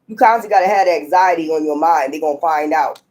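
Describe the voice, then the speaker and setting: A woman's voice: deep voice, fast, a little mellow. A woman giving a casual tarot reading, talking in a blunt, profane, scolding way and laughing often. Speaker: tarot reader.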